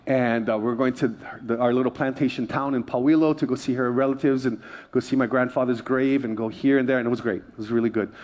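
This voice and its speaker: A male pastor preaching a sermon, mixing humorous stories with repeated phrases and calls to the congregation. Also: mid-range voice. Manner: asks the congregation for responses.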